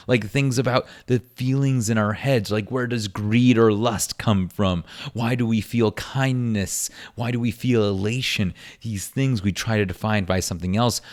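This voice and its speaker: A man's voice: on the low side, a little mellow. A young man hosting a podcast, talking alone in an earnest, philosophical way with frequent restarts. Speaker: podcast host. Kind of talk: reflective solo podcast monologue.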